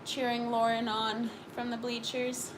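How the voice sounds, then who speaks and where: A woman's voice: fairly high pitch, completely flat delivery, measured pace, heavy background noise. A young woman co-hosting a casual live stream, chatting sleepily and reading viewer comments aloud.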